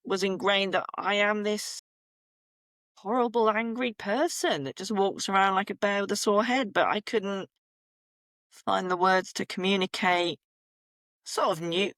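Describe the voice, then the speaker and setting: A woman, a podcast guest telling her own story candidly, lively and acting out what people said to her. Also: medium pitch, normal speed, no room sound, studio quality. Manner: animated, acts out quoted voices, laughs at herself. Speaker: podcast guest, menstrual cycle coach.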